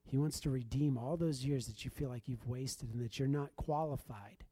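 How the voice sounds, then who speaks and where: Guy preaching a testimony story, kinda husky, mellow warm tone, dry close sound. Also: mid-range voice, moderate pace, dry recording. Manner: animated, acts out quoted dialogue.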